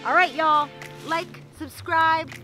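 A woman with a high voice hosts a casual vlog from the woods at night, upbeat and encouraging as she signs off. She is cold and shivering as she talks. Clear music plays behind her. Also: steady tone, slow. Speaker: vlog co-host. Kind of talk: casual outdoor vlog chat.

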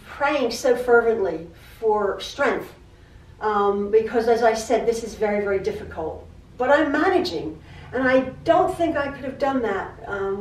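A woman's voice: fairly high pitch, a little mellow. A middle-aged woman hosting a quilting channel, chatting in a rambling way that repeats itself, with stammers and restarts, recorded in her home sewing room. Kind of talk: rambling personal chat. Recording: echoey room, mic at a distance.

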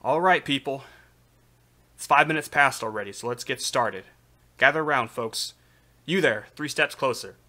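A man voicing a confident armored swordsman calling a crowd to gather, loud and raised in pitch. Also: moderate pace, pauses often, lightly acted. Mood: commanding. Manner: loud, commanding call to a crowd. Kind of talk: live reading of a novel.

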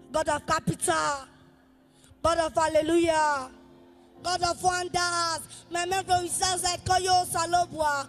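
At a church service, a very high-pitched woman with a Nigerian accent leads the congregation in chanted praise worship. She delivers fervent, half-sung lines, frequently shouting them, and urges everyone to echo her words.

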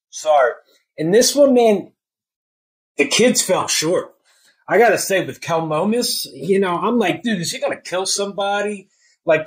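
A man giving a casual, spoiler-filled book review, excitable and slangy, swearing freely and acting out his own reactions. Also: high-pitched, rough recording.

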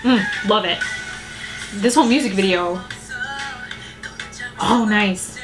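A woman's voice: mid-range voice, slow, rough recording. A woman hosting a music video reaction vlog, full of gasps and emotional exclamations. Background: music video playing.

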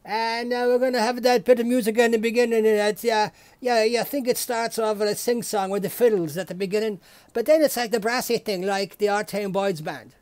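Guy hamming up a game show host, highish voice, dry close sound. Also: brisk, no room sound. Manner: excitable game-show patter, mouths his own dings. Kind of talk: solo comedy sketch.

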